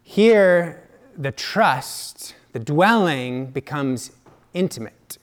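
A man preaches a sermon slowly and without hurry, his voice pitched a bit high for a male. He sounds reflective and lively in intonation, at times slipping into quiet asides.

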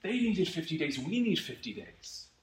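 A man preaching a sermon as pastor, earnest and reflective, swinging from emphatic peaks to quiet asides. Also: on the high side, wildly swooping pitch, moderate pace, husky. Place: church.

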